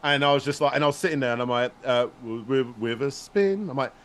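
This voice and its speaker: A man's voice: mid-range voice, flat delivery, very fast, fairly bright tone. A man telling a story in a casual stream chat, rambling and restarting as he goes. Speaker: guest, video maker.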